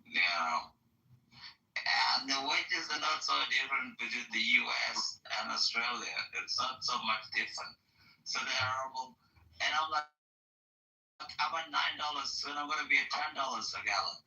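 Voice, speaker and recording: A man with a very bright, sharp voice talks bluntly and swears freely, pressing his points with emphasis. He sounds distant from the mic in an echoey room. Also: mid-range voice, normal speed. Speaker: guest. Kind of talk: casual chat.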